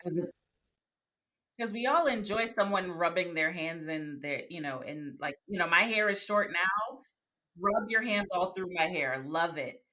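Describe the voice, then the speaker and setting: A woman's voice: fairly low pitch, lively intonation, measured pace, bright, forceful tone. A woman co-hosting a podcast in casual chat, blunt, joking and profane. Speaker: podcast co-host.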